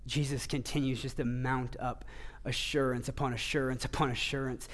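A male pastor preaching a sermon, earnest, rising to emphatic passages and dropping to hushed low ones. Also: level tone, moderate pace.

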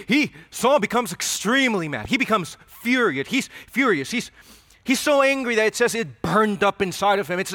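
Guy preaching, bright forceful voice, kinda high, dry close sound. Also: no room sound. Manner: reads scripture aloud, then explains it animatedly. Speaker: pastor. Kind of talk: sermon.

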